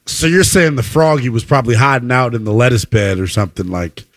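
A young man co-hosting a casual chat, playful and quick to laugh, telling rambling anecdotes. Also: medium pitch, dry recording.

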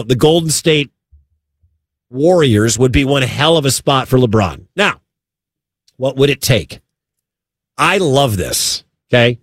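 A man's voice: medium pitch, a bit bright, no room sound, studio quality. A man hosting a sports talk radio show, talking emphatically and repeating his points for stress.

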